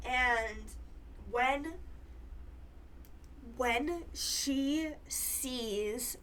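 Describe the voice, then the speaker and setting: A woman's voice: fairly high pitch, fairly bright tone, a little hiss or hum. A woman running a tabletop game as game master, narrating hesitantly with many fillers and frequent laughter.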